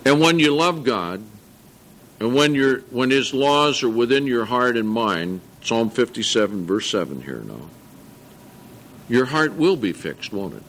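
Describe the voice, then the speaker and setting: A man's voice: medium pitch, sing-song, a bit bright, slight background noise. Earnest older man preaching a sermon. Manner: earnest, reads scripture slowly with emphasis, corrects himself. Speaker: pastor.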